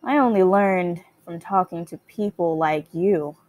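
A woman reading out the lines of an eerie self-aware girl from a computer game, in a soft, low, measured voice. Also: no room sound, natural voice. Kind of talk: reading game dialogue aloud.

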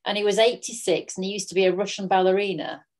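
A woman hosting a relaxed craft chat, telling stories with bright energy and laughing easily. Her voice sits in an ordinary middle range. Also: mid-range voice, quick pace. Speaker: host. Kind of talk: casual chat.

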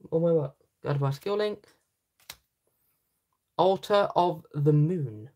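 Lower-pitched British woman, dry teasing. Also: takes it slowly, mellow. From Britain. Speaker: channel host. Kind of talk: casual unboxing chat while sorting cards.

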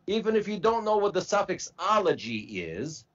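A man teaching medical terminology to a class, slowly spelling out word parts and asking students to repeat. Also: high voice, big pitch swings, fairly bright tone, highs cut off. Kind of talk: classroom lecture.

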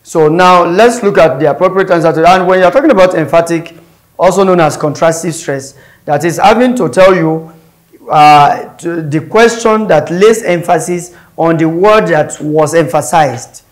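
A man's voice: on the high side, normal speed. A male tutor giving an exam-prep English lesson, explaining stress patterns step by step and repeating words and syllables aloud. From Nigeria.

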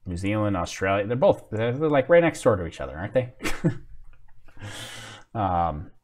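A man with a fairly low voice hosts a live stream in a loose, casual way. He thinks aloud and answers viewer comments as they come in. He often apologizes with a self-mocking humor. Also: very animated, normal speed, a little mellow. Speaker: livestream host.

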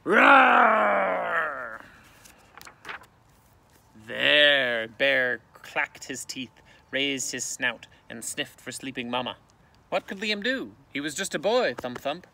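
Slow, gravelly, bright-voiced storyteller man. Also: mid-range voice, slight background noise. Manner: expressive, dramatic storytelling. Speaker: teacher reading aloud. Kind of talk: picture book read-aloud. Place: canoe outdoors on water.

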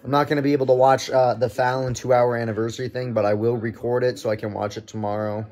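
A man vlogging from home, calling his baseball video game like a play-by-play announcer and getting excitable at the big moments. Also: mid-range voice, quick pace. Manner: excitable, shouts and laughs at big plays. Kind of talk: play-by-play style game commentary.

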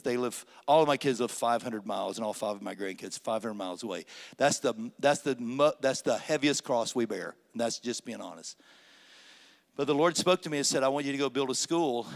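An older man, a pastor, preaching a sermon as a personal story and acting out the dialogue with rising, emphatic peaks. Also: medium pitch. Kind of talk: sermon testimony. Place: church sanctuary.

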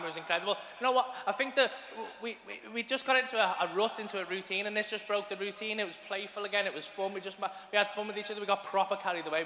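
Stand-up comic, high bright voice, crude sweary storytelling, live hall reverb. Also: male voice. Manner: crude, swearing, animated and chatty. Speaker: stand-up comedian. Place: live comedy venue, large hall.

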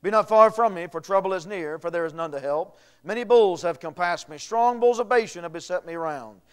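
A man's voice: on the high side, brisk, smooth. A male pastor preaching a sermon, reading scripture aloud and building in intensity. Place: church.

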